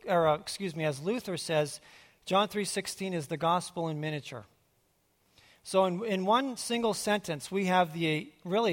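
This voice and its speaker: Casual preacher man in a reverberant hall. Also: on the high side. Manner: conversational, halting with restarts. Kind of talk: sermon with personal testimony.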